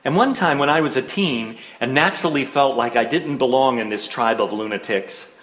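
A man's voice: mid-range voice, moderate pace, a bit bright. A middle-aged man telling a personal childhood story with wry, self-mocking humor. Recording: roomy echo.

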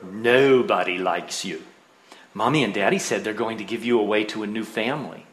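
A man's voice: on the low side, normal speed, voice pushed down, close to an everyday voice. Man doing a spiteful little big sister. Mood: taunting. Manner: blunt, matter-of-fact taunting. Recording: roomy echo.

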